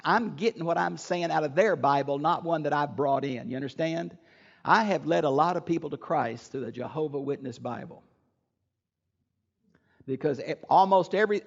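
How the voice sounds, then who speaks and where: An older man teaching a Bible lecture in an earnest, emphatic way, his voice gravelly and pitched a little high. The recording sounds dull and lo-fi.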